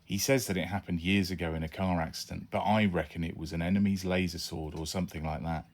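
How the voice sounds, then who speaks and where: A man's voice: low voice, fairly even intonation, fast talker. A man reading his own children's adventure book aloud, narrating chattily in the first person as a young boy.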